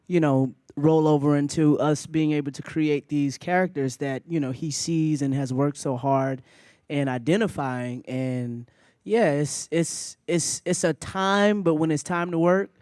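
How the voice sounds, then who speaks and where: A man, an actor, speaking in an interview with lively energy and easy laughter. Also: on the high side, a little slow, smooth, no room sound, studio quality. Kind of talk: casual interview chat.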